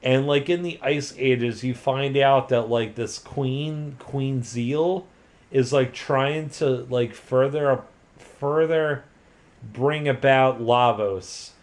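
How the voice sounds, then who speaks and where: Here a drunk host with a medium-pitched voice retells a video game story at a slow pace. It comes out loose and profane, full of restarts, with "like" stuffed into every gap.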